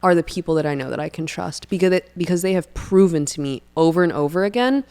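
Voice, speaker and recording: A young woman shares her faith in a relaxed podcast chat. Her voice sits a touch low, but she tells stories with lively energy and acts out what other people said. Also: quick pace, clean tone. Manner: animated storyteller who acts out friends' lines. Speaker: podcast co-host.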